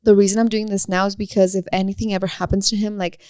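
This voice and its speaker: A woman's voice: medium pitch, flat delivery, fast talker, darkish tone, smooth, dry recording, clean studio sound. A woman co-hosting a podcast, telling stories about parenting in casual chat and mixing in Spanish lines. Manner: storytelling, mixes in Spanish lines. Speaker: podcast co-host; mother.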